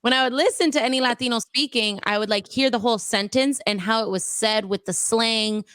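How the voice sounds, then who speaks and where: An American woman in her thirties with a fairly high voice tells stories in a loose, animated podcast chat, often dropping into fluent street Spanish. The sound is close and dry, with almost no room around her. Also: fairly quick, clean tone, no echo. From Minnesota, USA. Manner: animated storyteller, switching into Spanish. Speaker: Spanish-language radio host.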